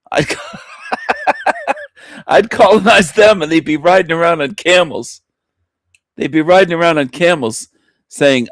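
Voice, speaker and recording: A man's voice: fairly high pitch, expressive, measured pace, long pauses, no echo, studio quality. A man hosting an internet talk show, delivering a boastful, taunting monologue and laughing at his own lines. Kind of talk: provocative monologue rant.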